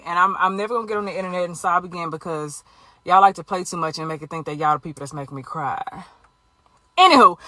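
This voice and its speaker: A woman's voice: medium pitch, pushed and bright, no room sound. A woman giving an earnest, conversational faith testimony straight to her viewers. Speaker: Christian vlogger. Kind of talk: candid faith testimony to camera.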